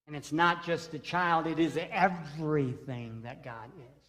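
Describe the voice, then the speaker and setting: A man's voice: fairly high pitch, fairly even intonation, measured pace, hardly any pauses, fairly bright tone. A man preaching a sermon as pastor, earnest, with rhythmic repeated lines. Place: church sanctuary. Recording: reverberant church sanctuary.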